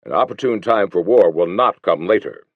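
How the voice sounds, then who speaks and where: A man's voice: sits low, animated, moderate pace, slightly rough, dry recording, full character voice. A man voicing a stubborn, evasive admiral who speaks emphatically. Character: stubborn older Japanese admiral, evasive and hawkish. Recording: slightly muffled dry recording.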